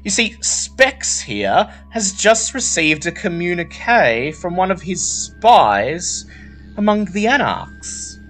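A man's voice: sits high, sing-song, slow pace, a bit bright, faint music behind, pitched above the performer's own voice, exaggerated voice. A man voicing a jovial, pompous male vampire prince, speaking in a grand, theatrical way.

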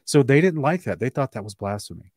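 A man hosting a casual live-streamed discussion, reading scripture aloud in between quick restarts and short chuckles. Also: mid-range voice, expressive, a little mellow, no room sound, studio quality. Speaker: host.

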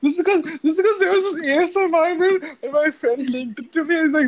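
A man's voice: very high-pitched, quick pace, few pauses, rough recording. A man co-hosting a casual podcast, joking and giggling, often stammering and repeating words. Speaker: podcast co-host. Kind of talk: casual chat.

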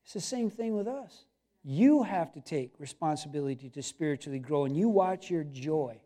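A man's voice: on the high side, expressive, normal speed, dark tone. A middle-aged man preaching a sermon in a loose, conversational way, with asides and restarts. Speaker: pastor.

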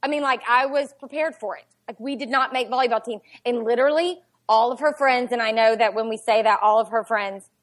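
A woman tells a family story on a podcast. Her voice sits a little high, and she talks in a chatty, animated way, with "like" all through it. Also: fairly quick, few pauses. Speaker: podcast guest. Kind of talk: casual storytelling chat.

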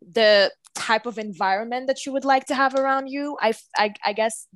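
A woman from Cameroon, a podcast guest, speaking thoughtfully and pausing to search for words. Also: on the high side, no room sound. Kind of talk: casual podcast interview.

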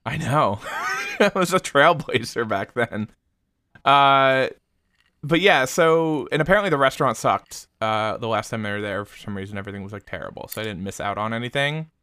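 A man's voice: mid-range voice, expressive, normal speed, bright, forceful tone, clear, resonant tone, no room sound, clean studio sound. A young man co-hosting a podcast, chatting casually in a rambling, laid-back way with plenty of swearing. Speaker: podcast co-host. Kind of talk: casual chat.

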